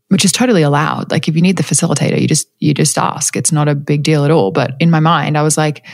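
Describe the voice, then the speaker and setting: A woman's voice: low voice, fairly even intonation, brisk, few pauses, no room sound, clean studio sound. A woman casually telling a personal story, reflective and candid, with many fillers and restarts and light laughs. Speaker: storyteller sharing a personal spiritual experience.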